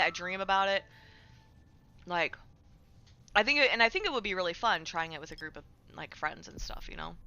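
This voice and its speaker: A young woman with a lowish, sharp-toned voice streams a game from home, chatting loosely with her viewers. She swears often and rambles through filler words as she answers her chat. The recording is muffled, with a little hiss or hum.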